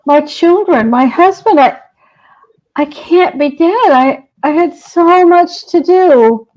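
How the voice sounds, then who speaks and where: A woman's voice: a little high, big pitch swings, normal speed. A woman acting out a frustrated, bewildered woman who does not know she has died, in a dull lo-fi recording. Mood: pleading. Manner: irritated, bewildered. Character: flustered dead woman producer in denial.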